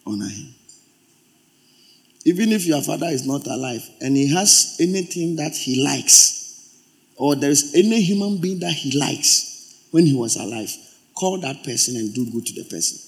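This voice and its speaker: A man's voice: mid-range voice, animated, normal speed, gravelly. A male pastor preaching a sermon, emphatic and repeating his exhortations.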